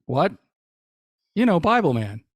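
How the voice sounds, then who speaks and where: A man's voice: fairly high pitch, very animated, measured pace, no room sound. A man hosting a podcast in casual comedic chat, teasing and laughing often. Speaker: podcast host.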